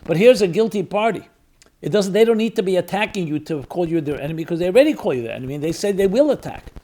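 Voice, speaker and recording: A man's voice: high-pitched, animated, fast, warm tone. Emphatic man, rabbi lecturing. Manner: emphatic, repeats key words for stress; weighs arguments aloud, asking rhetorical questions. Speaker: rabbi and podcast host. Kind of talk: spoken lecture answering questions.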